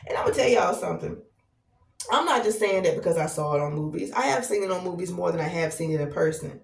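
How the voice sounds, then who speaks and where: A woman in her thirties, a podcast host telling a long personal story in a casual, animated way, repeating herself as she goes. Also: on the low side, gravelly. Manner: animated, conversational, drawn-out repetitions. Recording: roomy echo, distant from mic.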